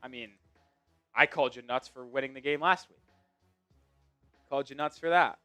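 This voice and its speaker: A man with a New York accent hosting a live sports stream, chatting excitably and swinging from mumbles to shouts. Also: medium pitch, normal speed, soft background music. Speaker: sports show host.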